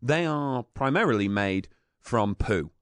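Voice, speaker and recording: A man's voice: mid-range voice, lively intonation, unhurried, clear, resonant tone, dry recording, studio quality. An English man, a marine biologist guest on a radio show, talking in a chatty, joking way and often laughing. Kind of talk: casual radio interview. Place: radio studio.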